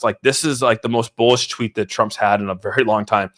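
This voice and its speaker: A man hosting a casual crypto livestream, rambling excitedly about the markets, often saying "dude" and greeting viewers from the chat. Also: lowish voice, a little fast, few pauses. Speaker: crypto channel host.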